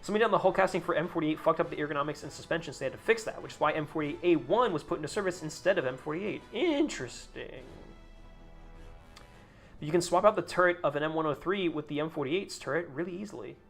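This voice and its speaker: A man's voice: a little high, animated, quick pace, creaky, a bit bright, faint music behind. A young man chatting casually on a live game stream, rambling, swearing freely and laughing at his own jokes.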